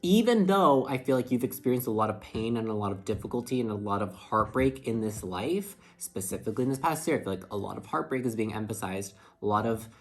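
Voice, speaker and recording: A man's voice: fairly low pitch, lively intonation, fast talker, hardly any pauses. Tired, chatty male tarot reader. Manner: chatty, filler-heavy, heartfelt. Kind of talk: casual tarot reading monologue. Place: indoors under a ring light.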